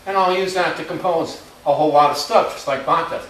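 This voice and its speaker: A man teaches a music class, singing out rhythms on nonsense syllables between explanations, his voice pitched a little high. He sounds far from the recorder in a very echoey classroom, with faint music in the background. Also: lively intonation, normal speed, bright, forceful tone, slight background noise. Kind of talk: classroom lesson. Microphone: distant recorder in the room.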